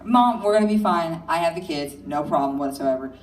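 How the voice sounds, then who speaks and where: A woman's voice: deep voice, expressive, brisk, slight background noise, voice pushed down. Woman doing an easygoing young man. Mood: reassuring. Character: easygoing young man calming his mother. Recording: echoey room, mic far off.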